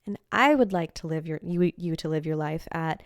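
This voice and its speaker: Woman relaying a calm female doctor. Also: low voice, normal speed, no room sound, studio quality.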